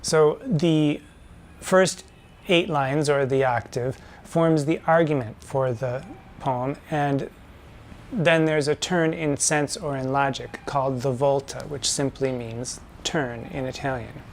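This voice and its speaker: A man explaining a lesson at a mid-range pitch, in a measured, teacherly way. He slows right down to spell out each pattern. A faint hum of noise sits behind him. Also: fairly even intonation. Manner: measured and didactic, slowing to spell out rhyme schemes. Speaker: drag performer hosting a poetry lesson.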